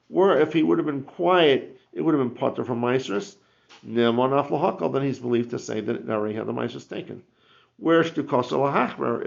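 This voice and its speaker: A man's voice: medium pitch, gravelly. A man teaching a Talmud class, explaining with rhetorical questions and frequent restarts. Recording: muffled lo-fi classroom recording.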